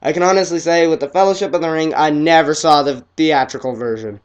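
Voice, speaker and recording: Talking fast in a fairly high, clear, resonant voice, a teenage boy gives a casual film review. He gets excitable and rambles, and his words often fade off quietly.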